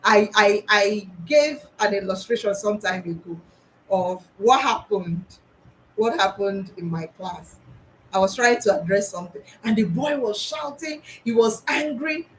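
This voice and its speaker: A woman's voice: mid-range voice, lively intonation, unhurried, slight background noise, poor audio. Earnest woman teacher. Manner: earnest, repeats points, many restarts. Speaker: school psychologist and teacher. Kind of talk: talk on teaching practice.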